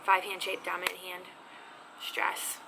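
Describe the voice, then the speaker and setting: A woman gives a casual sign language lesson from her home, teasing herself and sometimes dropping to a whisper. Her voice has a gravelly edge. The recording carries a steady layer of background noise. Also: lowish voice, unhurried. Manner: chatty, self-teasing, drops to whispers. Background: neighbor's music faintly heard.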